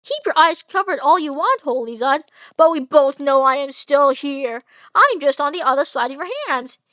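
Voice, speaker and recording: A woman reads out a menacing male villain in a homemade story reading. The threats come slow and taunting, in a very high voice. The sound is dry and close. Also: a bit bright, dry recording. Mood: gloating. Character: menacing male villain who turns evil. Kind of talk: amateur fanfic reading.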